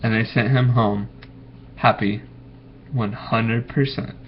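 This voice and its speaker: A man reads a bedtime story to his children in an unhurried, gentle way, stopping to ask them questions. His pitch sits in the middle. The recording is dull and lo-fi, with a faint hiss. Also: steady tone. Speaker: parent reading to children. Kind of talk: bedtime story read aloud.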